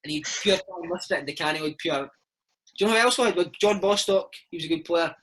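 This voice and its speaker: Fast, chatty Scottish man. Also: on the high side, poor audio. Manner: animated, chatty, keeps saying mate. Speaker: former footballer, interview guest. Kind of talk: casual storytelling chat.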